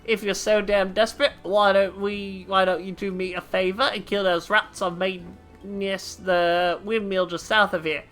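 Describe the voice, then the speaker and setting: A woman voicing a gruff, cocky male mercenary from a game, in a put-on British accent that slides into Australian, rough and swaggering. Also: mid-range voice, steady tone, moderate pace, a bit bright, soft background music, close to an everyday voice. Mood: scornful. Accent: put-on British slipping into Australian. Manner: rough, swaggering, clipped drops like "oi" and "ain't". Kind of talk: reading game dialogue aloud.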